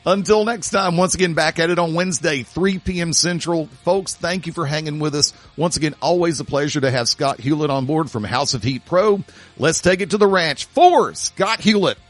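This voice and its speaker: A man hosting a radio show talks in a chatty, joking way, and his voice is going hoarse. He sits a little higher than most men in pitch. Faint music plays behind him. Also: fairly quick, few pauses. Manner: chatty, jokey asides, self-promoting. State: losing his voice. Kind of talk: casual radio show outro with plugs.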